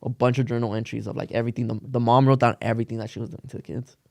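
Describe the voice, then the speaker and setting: A man's voice: mid-range voice, flat delivery, rapid-fire, creaky, a little mellow, dry recording. A young man casually telling a long story on a podcast, rambling with lots of "like" and cursing slang. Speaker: podcast co-host.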